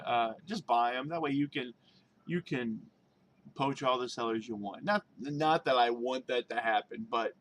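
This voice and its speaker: A man's voice: mid-range voice, fairly bright tone, a little hiss or hum. Chatty man reading news with asides. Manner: rambling, chatty asides and self-corrections. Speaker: vlogger. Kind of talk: reading news aloud with off-the-cuff commentary.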